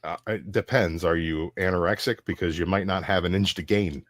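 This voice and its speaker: Deep-voiced man ranting. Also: fairly quick, no room sound. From United States. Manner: profane, ranting, animated storytelling. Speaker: show host. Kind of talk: casual chat on a live stream.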